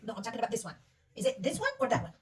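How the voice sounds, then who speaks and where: Patient high-voiced woman teaching reading. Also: big pitch swings, rapid-fire, far from the mic. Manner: patient, coaxing, asks many questions. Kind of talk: one-on-one reading lesson.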